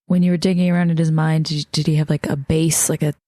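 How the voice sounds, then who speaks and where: A woman's voice: sits low, little pitch movement, fast, warm tone, dry recording, clean studio sound. A woman playing in a tabletop game, speaking bluntly. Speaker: player. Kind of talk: tabletop game role-play.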